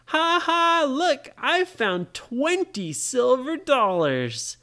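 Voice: medium pitch, very animated, unhurried. A parent voicing a boastful, greedy young boy in a bedtime story told for a child. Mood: gloating. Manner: gloating, loud laughs.

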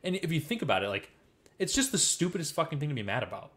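A young man from the American Midwest co-hosting a podcast, telling stories in casual, profane, animated chat. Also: on the high side, fast talker. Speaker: podcast co-host.

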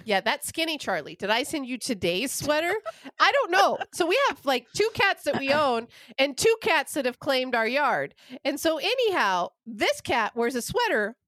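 A woman's voice: high voice, big pitch swings, normal speed, fairly bright tone, dry recording. Rambling, profane woman telling a story. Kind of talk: casual storytelling chat.

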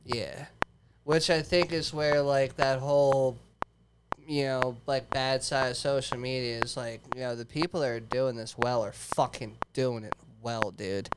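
A man's voice: mid-range voice, steady tone, unhurried. Man, casual podcast chat, swears a lot, noisy recording. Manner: profane, says "dude" constantly. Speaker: podcast co-host.

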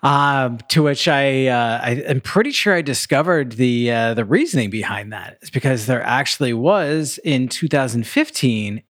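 Mid-pitched man, easygoing podcast co-host. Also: expressive, normal speed, few pauses, fairly bright tone, no room sound, studio quality. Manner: easygoing, filler-heavy. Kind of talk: casual movie-review chat.

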